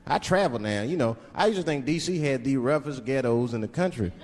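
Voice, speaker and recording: On a large theater stage, a brisk man with a mid-range voice performs stand-up into a handheld mic, telling animated stories broken up by sudden voice impressions. It's a live show in a reverberant hall, with the audience laughing throughout.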